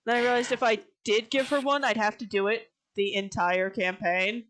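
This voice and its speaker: A woman's voice: mid-range voice, fairly even intonation, normal speed, fairly bright tone. A young American woman chatting casually with a friend, laughing often. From United States. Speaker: streamer co-host. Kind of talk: casual chat.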